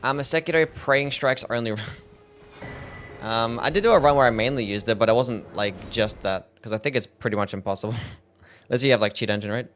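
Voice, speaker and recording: Streaming a game over soft background music, this young Australian man speaks at a medium pitch and a fairly quick pace. His casual chat is relaxed and mumbly; he answers viewers' questions and tends to trail off with an uncertain "I don't know".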